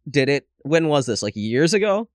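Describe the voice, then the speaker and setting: Hungover man, lively questioning podcast chat. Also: fairly high pitch, normal speed, no echo, clean studio sound. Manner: animated, laughs often, asks lots of questions. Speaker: podcast co-host. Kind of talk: casual chat.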